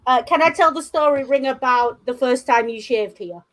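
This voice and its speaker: A woman with a high, light voice chats on a casual podcast. She is blunt and sweary and tells her stories with plenty of animation. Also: normal speed, a bit bright. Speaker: co-host.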